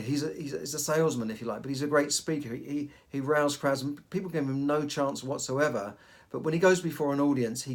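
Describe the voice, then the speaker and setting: Chatty middle-aged man, stumbling restarts. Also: medium pitch. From United Kingdom. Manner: repeats and restarts words often. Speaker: podcast host. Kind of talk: casual advice monologue.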